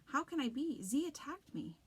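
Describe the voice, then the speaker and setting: Frightened boy, urgent shouts, storybook read-aloud, woman voicing. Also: high voice, animated, normal speed, pitched above the performer's own voice. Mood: upset.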